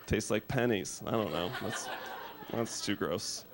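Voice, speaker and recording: A man in his thirties doing a stand-up comedy set, deadpan and rambling, shouting when he acts out characters. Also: lowish voice, slow pace, crowd noise, noisy background. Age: 30s.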